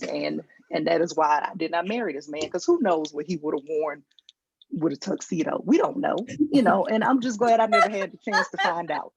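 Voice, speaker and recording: This Southern-accented stand-up comedian from Georgia has a lowish, gravelly voice and delivers briskly and with animation. Performing over a video call, she acts out quotes and mocks herself in her stories, with slight background noise on dull lo-fi call audio.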